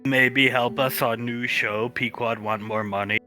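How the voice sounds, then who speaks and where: A man's voice: mid-range voice, steady tone, unhurried, sharp tone. A man voicing a blunt male character who talks in clipped, broken English, with faint guitar music behind. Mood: scheming.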